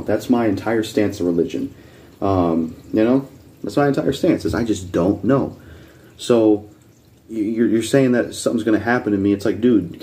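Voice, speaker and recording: Guy ranting at a video, lots of cussing, kinda low and dark sounding. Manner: blunt, profane and combative; repeats points insistently. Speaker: channel host reacting to videos. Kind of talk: ranting reaction commentary.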